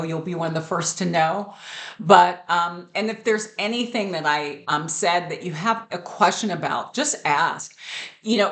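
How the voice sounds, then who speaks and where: A woman's voice: on the low side, a bit bright, echoey room. A woman in her fifties talking candidly and earnestly to camera in a personal vlog. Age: 50s. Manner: candid, earnest, with fillers and repeats. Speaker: vlogger.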